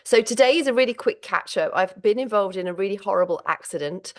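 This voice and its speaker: A middle-aged woman hosts a personal vlog in a voice of ordinary pitch. She sounds physically and mentally exhausted and on the edge of tears. Her talk is frank and halting, with frequent broken starts. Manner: candid and halting, with many restarts. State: close to tears. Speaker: menopause vlog host.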